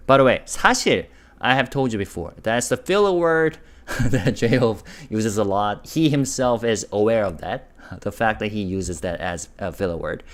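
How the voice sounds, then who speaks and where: A man's voice: fairly low pitch, expressive, normal speed. A man teaching a live online Korean lesson, upbeat and patient, spelling out syllables and answering chat questions.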